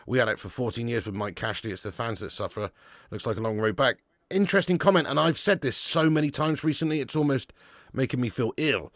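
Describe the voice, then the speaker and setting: A football fan channel host runs a live watch-along, trading banter with his chat, reading out super chats, and bursting into shouts of mock outrage at players. His medium-pitched voice is brisk, captured in clean studio sound with no room noise.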